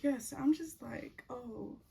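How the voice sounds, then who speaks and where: A woman's voice: medium pitch, steady tone, unhurried, gravelly, slightly rough. A young woman telling a personal story at home in a chatty, casual way, full of "like" fillers. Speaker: vlogger.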